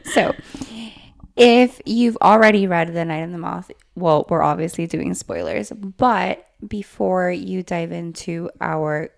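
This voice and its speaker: A woman's voice: fairly low pitch, slow, creaky. A woman co-hosting a podcast, chatting casually and animatedly about a book and reading passages aloud with giggles. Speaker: podcast co-host.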